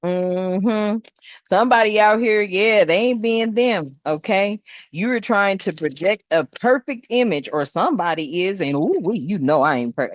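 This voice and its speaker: A woman doing a tarot reading, full of slang and swearing and quick to laugh. She sounds dull and lo-fi, with a dry and close sound and no room echo. Her pitch sits in a medium range. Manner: animated, slangy and profane, laughs often. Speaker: tarot reader. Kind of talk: casual spiritual reading monologue. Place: indoors, room with air conditioner.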